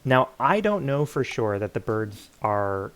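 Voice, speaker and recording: A man's voice: medium pitch, big pitch swings, a little slow, a bit bright. A man streaming a game and joking around in casual commentary. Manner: playful, jokey asides.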